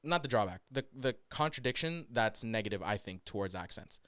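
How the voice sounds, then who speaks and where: Animated young man telling stories. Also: fairly low pitch, a little fast, dry recording, clean studio sound. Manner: animated storytelling, slips into mock accents and voices. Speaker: podcast co-host. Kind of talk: casual chat.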